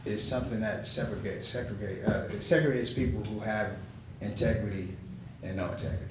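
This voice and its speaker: Animated man telling stories in an echoey hall. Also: fairly low pitch, brisk. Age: 40s. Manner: animated storyteller who acts out quoted voices with laughter. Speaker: comedian on a panel. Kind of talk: storytelling panel talk. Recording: echoey hall from far off with noise.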